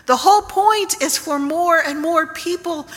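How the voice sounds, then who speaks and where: A woman's voice: very high voice, measured pace, a bit bright, in a large hall. A woman preacher giving an emphatic, storytelling sermon.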